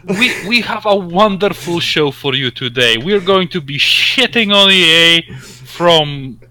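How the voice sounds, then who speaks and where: A man co-hosting a casual gaming podcast, excitable and sarcastic, quick to laugh. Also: high voice. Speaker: podcast co-host.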